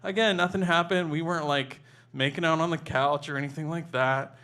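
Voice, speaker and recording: A man with a fairly high speaking voice tells a personal story from his own life. His delivery is loose and chatty, with plenty of "like" and self-corrections. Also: fairly even intonation, a little fast, bright, forceful tone. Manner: casual, conversational, with frequent "like" and restarts.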